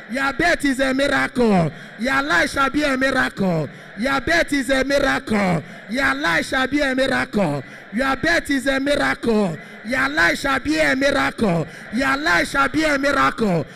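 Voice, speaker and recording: A man, a Catholic priest, leading prayer with shouted, repetitive declarations. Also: very high voice, creaky, a little hiss or hum. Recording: long hall reverb.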